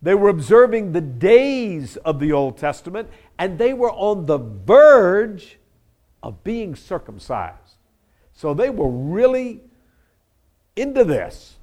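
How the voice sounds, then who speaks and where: Male pastor, middle-aged, preaching slowly with an animated, rising and falling voice. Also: sits high. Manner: expository, dramatizes quoted verses with lively emphasis. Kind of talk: sermon.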